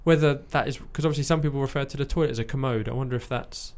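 A man's voice: mid-range voice, rapid-fire, a little mellow. A man hosting a podcast, chatting casually and enthusiastically about a film, with fillers and the odd swear word. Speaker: podcast host reviewing a film. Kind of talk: casual chat.

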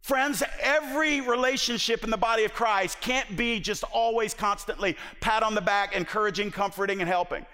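A man's voice: sits high, moderate pace, few pauses, bright, forceful tone, smooth, soft background music. A man preaching a sermon in an impassioned, emphatic way, often restarting his words. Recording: long reverb of a large hall.

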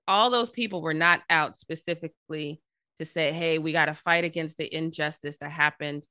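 A woman journalist telling stories in a casual interview, animated and acting out the people she quotes. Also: low-pitched, normal speed, smooth, no echo. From Colorado. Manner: animated, acts out quoted people in her story. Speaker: journalist guest.

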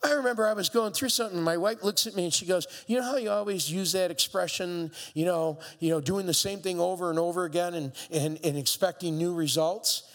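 High-voiced gravelly preacher in a reverberant hall. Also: male voice, a little fast, hardly any pauses. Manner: preaching with rising shouts and playful asides; acts out voices of biblical figures. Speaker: pastor. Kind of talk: sermon.

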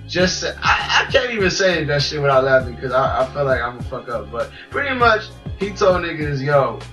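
A man's voice: on the high side, sing-song, fairly quick, sharp tone, recorded from a distance, faint music behind, rough recording. A man co-hosting a casual podcast, talking loosely and profanely and telling stories with animation. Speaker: podcast co-host.

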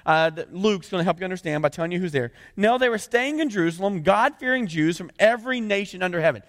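A pastor with a high voice preaches fast, in an animated, conversational style. He reads scripture aloud and often stops to explain it in plain language, his voice trailing a long reverb from a large hall.

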